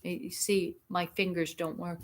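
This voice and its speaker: A middle-aged woman hosting a casual livestream chat, talking in a halting way with many restarts and asides. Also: lowish voice, flat delivery, slight background noise. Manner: slow, halting, frequent restarts and self-talk. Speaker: livestream host.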